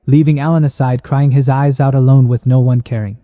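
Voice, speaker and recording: A man narrating a story recap in a steady, even reading. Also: medium pitch, brisk, few pauses, long reverb tail.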